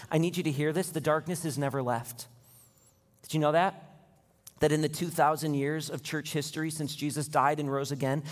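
A man preaching a sermon to his church, building to an impassioned, near-shouting pitch as he retells scenes. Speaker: pastor. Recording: long hall reverb.

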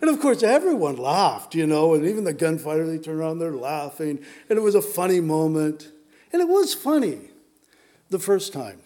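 Man, middle-aged, slightly high voice, casual sermon, storytelling, from Southern California. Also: very animated, moderate pace, mellow. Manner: conversational, storytelling, many fillers. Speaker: pastor. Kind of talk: sermon with personal stories.

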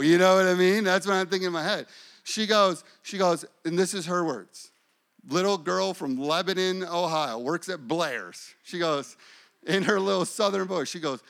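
A man's voice: on the high side, unhurried, fairly bright tone. A man preaching a sermon, repeating phrases and telling a personal story. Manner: repetitive, declaring, testimony-telling. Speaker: pastor.

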